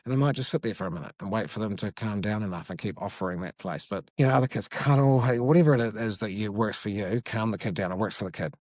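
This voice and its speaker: Fast-talking New man explaining. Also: fairly low pitch, no room sound. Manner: lively, quick talker acting out parent and child lines. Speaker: neuroscience educator, guest. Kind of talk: conversational explanation.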